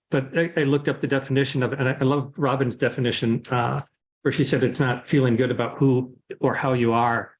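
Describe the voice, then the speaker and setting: Conversational man on a panel. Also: mid-range voice. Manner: conversational, searching, many fillers. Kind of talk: reflective panel talk.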